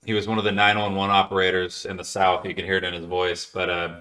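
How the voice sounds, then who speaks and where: A man rambling through stories in casual chat, laughing loudly and putting on voices for the people he quotes. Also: low-pitched, completely flat delivery, quick pace.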